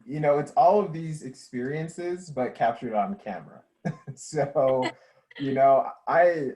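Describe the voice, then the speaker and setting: A man's voice: medium pitch, a little mellow. A man chatting as a guest in an easygoing way. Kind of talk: casual chat.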